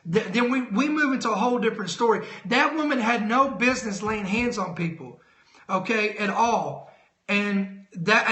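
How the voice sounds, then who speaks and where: A middle-aged man giving a live sermon-style talk as host, telling stories with lots of quoted dialogue and quick self-corrections. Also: extremely high pitch, sharp tone, reverberant. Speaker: host of a Christian teaching stream.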